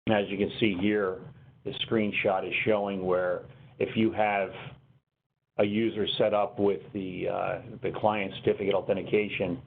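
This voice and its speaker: Lower-voiced man on a tinny line. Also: flat delivery, normal speed, creaky, slightly rough. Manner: explanatory, talks through screen steps. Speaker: technical trainer presenting a webinar. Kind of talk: conversational software demo walkthrough. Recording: tinny phone-line webinar audio, faint noise.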